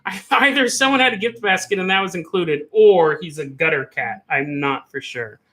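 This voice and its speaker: Animated rambling man, bright high voice. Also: moderate pace. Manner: rambling, animated, laughs often. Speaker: podcast host. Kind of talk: casual live-stream chat.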